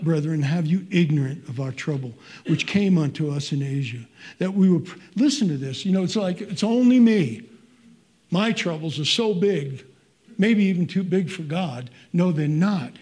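A man's voice: high-pitched, expressive, normal speed, mellow, slightly rough. An older man preaching a sermon in an earnest, conversational way with folksy asides.

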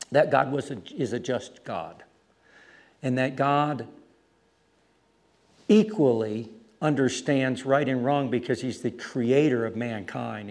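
A man preaching, telling a story about street preaching with lively, animated delivery and acted-out voices. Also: mid-range voice, creaky. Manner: animated storytelling, acting out other voices loudly. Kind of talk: sermon with storytelling.

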